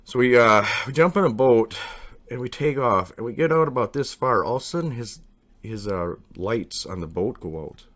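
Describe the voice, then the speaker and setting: A man casually telling a long, rambling personal story, acting out what people said. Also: moderate pace. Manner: rambling, animated, acts out quotes with raised pitch.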